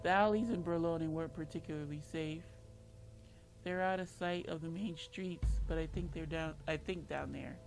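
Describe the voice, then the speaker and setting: A woman with a gravelly, fry-tinged reads a visual novel's narration and lines aloud in a casual way. She trips over words now and then and fixes them. Game music plays behind her. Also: low-pitched, moderate pace, a little mellow. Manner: reads narration aloud, stumbles and corrects herself, jokes. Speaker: game streamer reading dialogue aloud.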